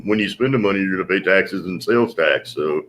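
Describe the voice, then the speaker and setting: Deep voiced guy co-hosting a coin stream, dry jokes, low and rumbly. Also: quick pace, background noise. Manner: dry joking, explanatory. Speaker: co-host. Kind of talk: casual livestream chat.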